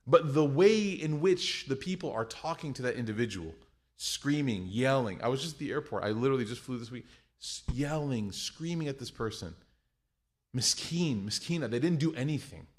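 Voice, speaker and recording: A man preaching in a mosque with a lively, chatty delivery. He often drops into other voices for the people in his stories. His pitch sits in a middle range for a man. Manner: lively, conversational, acts out quoted people. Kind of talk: sermon.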